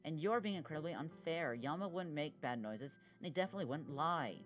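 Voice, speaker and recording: A voice actor playing a bossy, encouraging, bold big sister in an animated series, with a lively voice on a dull, lo-fi recording. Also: medium pitch, a little fast, faint music behind, natural voice. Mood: defiant. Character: cheerful can-do big sister, a child. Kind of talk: animated web series voice acting.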